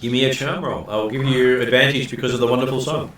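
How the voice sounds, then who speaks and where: A man running a tabletop game as game master, narrating with many pauses and fillers. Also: medium pitch, steady tone, a bit bright, slight background noise. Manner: halting, many ums and uhs.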